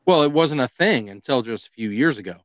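A middle-aged man co-hosting a podcast, chatting casually and telling stories with lively acted-out dialogue. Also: medium pitch, a little fast, no room sound. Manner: animated storyteller, acts out quoted dialogue. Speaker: podcast co-host. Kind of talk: casual chat.

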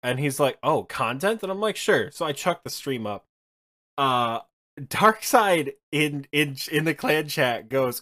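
A man co-hosting a casual gaming podcast, telling stories in an animated way, laughing and swearing now and then. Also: on the high side, unhurried. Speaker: podcast co-host. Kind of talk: casual chat about a video game.

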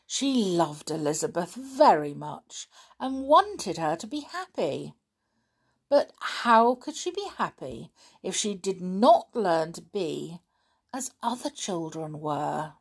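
Woman, children's story reading, slow, lively pitch, gravelly low voice. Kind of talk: children's story read aloud.

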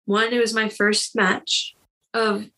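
A woman's voice: mid-range voice, little pitch movement, slow pace, bright, forceful tone, rough recording. A young woman from Iowa telling her story as an interview guest, talking candidly and leaning constantly on "like" and "you know.". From Iowa, United States. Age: young adult. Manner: chatty, heavy use of "like" and "you know". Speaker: guest, college wrestler.

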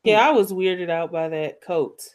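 A woman's voice: lowish voice, measured pace. A woman co-hosting a casual recap podcast, commenting bluntly and profanely. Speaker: podcast co-host. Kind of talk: casual reality-TV recap chat.

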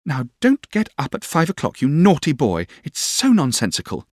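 A man's voice: huge pitch swings, normal speed, no echo, clean studio sound. A man voicing a playful, childlike young woman who coaxes sweetly in a raised voice in a storybook reading. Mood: coaxing. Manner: high, sweet, coaxing.

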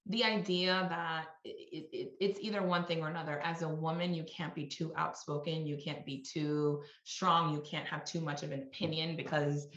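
Middle-aged woman exec, low voice, reflective chat, roomy dull recording. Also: fairly even intonation, normal speed, hardly any pauses, fairly bright tone. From New York. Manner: reflective, peppered with "you know" and "right?". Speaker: executive guest. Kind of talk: conversational interview. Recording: roomy, slightly dull sound.

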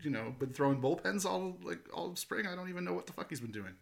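A man co-hosting a podcast, talking baseball in a profane, animated way and laughing often. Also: sits high, fast, creaky. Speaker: podcast co-host. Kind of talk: casual sports chat.

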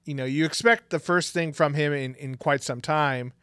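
A man's voice: fairly high pitch, normal speed, fairly bright tone, clean tone, no echo, studio quality. A man co-hosting a casual podcast, rambling with lots of fillers and frequent laughs. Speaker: podcast co-host. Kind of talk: casual chat.

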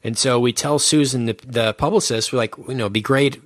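A man at a middling pitch tells a long, rambling story on a podcast, stumbling over restarts as he goes. The sound is dry and close, with no room behind him. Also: a little fast, dry recording. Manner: animated, rambling anecdote with restarts. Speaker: podcast co-host.

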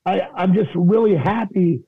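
A man, a podcast guest, telling an emotional personal story in a halting, earnest way, often repeating his words. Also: sits high, vocal fry, slightly rough, no room sound, narrow, tinny audio. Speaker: podcast guest, jewelry business owner.

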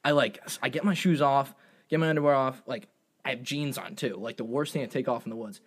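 A young man telling a funny story in casual chat, animated and profane, jumping into high voices when he quotes himself. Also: quick pace. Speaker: storyteller guest.

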